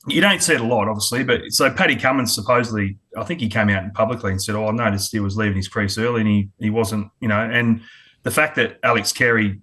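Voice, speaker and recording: A man's voice: lowish voice, fast, pushed and bright. A middle-aged Australian man, a former cricketer, talking bluntly and candidly in a casual interview, often restarting his sentences. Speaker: former cricketer and coach, guest.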